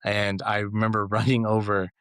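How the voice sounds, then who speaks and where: Man, low voice, smooth and clear, dry close sound, animated storyteller on a casual podcast. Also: moderate pace, dry recording. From Los Angeles. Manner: animated storytelling, acts out quotes with laughs. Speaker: guest cohost.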